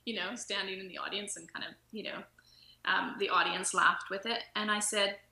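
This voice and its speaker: A woman guest tells stories in a casual interview, laughing easily and slipping into quoted dialogue. Her voice is bright and forward. The room around her has a noticeable echo. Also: medium pitch, fairly even intonation, normal speed, creaky. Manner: storytelling, laughs often, acts out quoted dialogue. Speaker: podcast guest, nutritionist. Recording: roomy echo.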